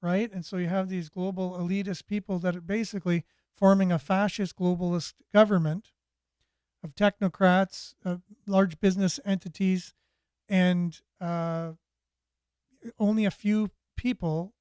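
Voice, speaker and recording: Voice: mid-range voice, steady tone, measured pace, a little mellow, clean tone, no echo, clean studio sound. A channel host giving casual political commentary in a rambling way, with many fillers.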